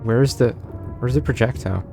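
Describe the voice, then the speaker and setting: A man's voice: mid-range voice, a little fast, creaky, music in the background. A man streaming a video game, swearing constantly and sarcastic as he grows more and more exasperated. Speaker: gaming streamer. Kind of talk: frustrated gameplay commentary.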